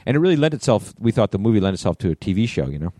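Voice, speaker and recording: Low-voiced man telling animated stories. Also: rapid-fire, no room sound, clean studio sound. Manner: animated anecdotes, acts out quoted voices, laughs often. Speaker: podcast co-host. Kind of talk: casual storytelling chat.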